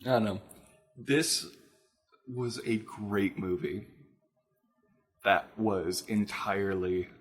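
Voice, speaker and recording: A man co-hosting a casual podcast chat, telling stories with animated laughter. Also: fairly low pitch, slow pace, pauses often, slightly rough. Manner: animated storyteller, laughs while telling anecdotes. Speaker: podcast co-host.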